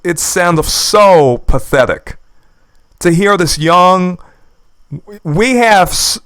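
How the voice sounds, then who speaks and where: Indignant man, smooth, slightly high voice. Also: fairly bright tone, dry recording. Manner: indignant, sarcastic, repeats his points. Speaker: YouTube commentator. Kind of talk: reaction commentary. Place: lives in the United States.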